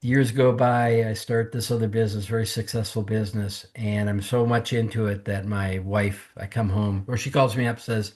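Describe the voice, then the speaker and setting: A man's voice: on the low side, flat delivery, moderate pace, hardly any pauses, darkish tone. A man, a podcast guest, candidly telling his personal testimony in conversation and acting out what others said to him. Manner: earnest, candid storytelling that mimics others' words. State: emotional, close to tears.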